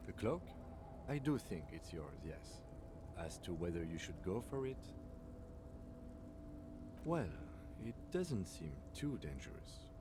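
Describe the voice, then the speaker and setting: An actor playing a calm, reserved police lieutenant in a video game, measured and polite. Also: male voice, deep voice, slight background noise, exaggerated voice. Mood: reassuring.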